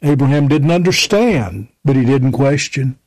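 A man's voice: medium pitch, lively intonation, normal speed, darkish tone, no echo, low-quality recording. A man preaching a sermon, emphatically quoting and explaining scripture.

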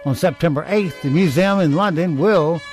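A man's voice: on the high side, moderate pace, over music. A man hosting a casual radio chat, offhand and hesitant, with frequent ums between items. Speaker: radio host.

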